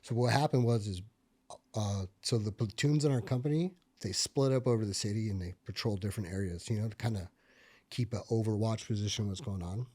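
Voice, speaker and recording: A man, a military veteran, telling stories from his service in a casual podcast chat, full of fillers and swearing, and getting loud and animated at the tense parts. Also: on the low side, fairly quick, breathy edge. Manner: profane, filler-heavy, gets animated and loud when reliving tense moments. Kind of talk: casual conversational storytelling.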